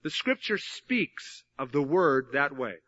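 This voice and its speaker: A man's voice: on the high side, sing-song, slow, pushed and bright, highs cut off. A man preaching a sermon, teaching earnestly from the Bible and repeating key phrases for emphasis. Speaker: pastor.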